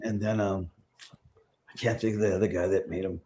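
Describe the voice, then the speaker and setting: A man's voice: sits low, steady tone, fairly quick, dark tone. A middle-aged man, a prop master, rambling through casual stories in an interview and acting out the voices of people he quotes.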